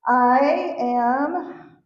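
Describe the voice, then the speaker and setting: A woman's voice: high voice, drawn-out words, soft background music. A woman organizer speaking at a community town hall, upbeat and joking as she rallies the crowd. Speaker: local organizer. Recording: roomy, dull hall sound.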